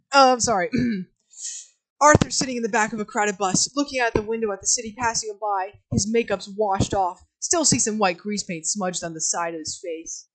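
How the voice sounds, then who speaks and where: A woman's voice: mid-range voice, normal speed, low-quality recording. Flustered woman streamer reading a script aloud. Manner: flat script reading broken by flustered asides to chat. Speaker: live streamer. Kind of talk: live-streamed script reading with chat banter.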